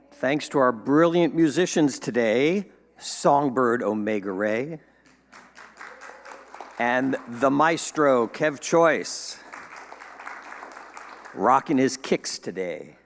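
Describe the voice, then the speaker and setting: Speaking slowly and pausing often, a man with an expressive mid-range voice welcomes the congregation and reads announcements. He's upbeat and jokey, his voice reverberates through the sanctuary, and a faint crowd can be heard.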